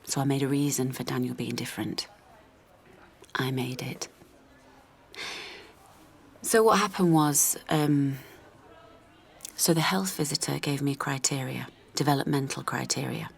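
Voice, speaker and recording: An actress playing a worn-down, loving mother of an autistic boy, speaking in a halting, confessional way that often drops to a near whisper. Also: very deep voice, vocal fry, exaggerated voice. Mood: reflective. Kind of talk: radio drama monologue.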